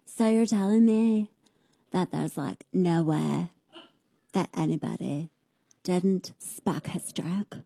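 A woman doing a mocking impression of a drawling young woman with heavy vocal fry. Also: on the low side, takes it slowly, mellow, no echo, full character voice. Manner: mocking, breathy trailing whispers.

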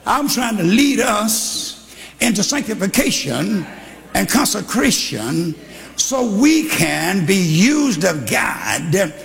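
An older man preaching a sermon, telling a story and shouting to a congregation in call-and-response. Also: high voice, vocal fry. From Texas. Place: church hall. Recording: live in a reverberant church with congregation.

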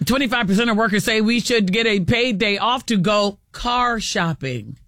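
Bright high-voiced male radio co-host. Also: moderate pace, dry recording, clean studio sound. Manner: playful, laughs easily. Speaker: radio morning show co-host. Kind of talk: casual radio banter and game hosting.

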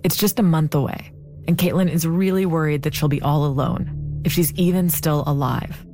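A woman narrating a podcast story in a measured, composed way. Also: low voice, steady tone. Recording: soft music bed underneath.

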